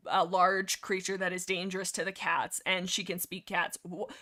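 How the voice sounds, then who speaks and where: A woman streamer rambling casually about a book series, animated and sarcastic, full of fillers and restarts. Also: medium pitch.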